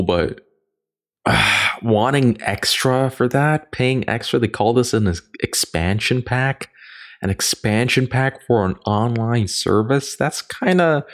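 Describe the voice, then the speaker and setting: A man co-hosting a casual chat, animated and jokey, rambling and putting on mock voices. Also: medium pitch, slow. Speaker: podcast co-host.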